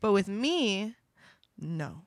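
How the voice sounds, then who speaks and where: A woman's voice: medium pitch, sing-song, no room sound, studio quality. Emphatic young woman in casual chat. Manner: quick reactions, emphatic, swears. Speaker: podcast co-host.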